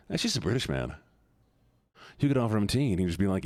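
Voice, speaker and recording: A man's voice: lowish voice, sing-song, fast, pauses often, a little mellow, no echo. A young man live-streaming, joking with his chat in a casual, profane way.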